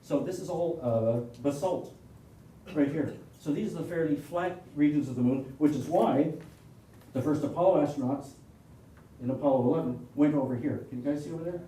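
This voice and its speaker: A man with a Canadian accent and a warm, somewhat high voice addresses his astronomy club at a moderate pace, rambling casually with jokes and repeated restarts. The meeting room is echoey, he sounds far from the mic, and a faint hiss is present.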